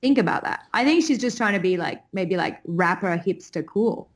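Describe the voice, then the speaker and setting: A woman's voice: medium pitch, expressive, normal speed. A young adult woman from Australia with a partly Americanized Australian accent, chatting as a podcast guest and laughing often. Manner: giggly, laughs often between phrases. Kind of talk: casual chat.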